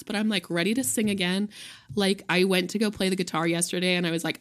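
A young woman co-hosting a podcast in casual chat, her voice raspy and hoarse from overuse, animated and quick to laugh. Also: lowish voice. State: hoarse, voice worn out. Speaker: podcast co-host.

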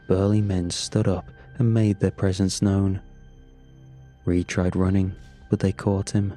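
A man tells a first-person horror story in a slow, measured, grim way. His voice sits low and dark, with faint music underneath. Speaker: narrator.

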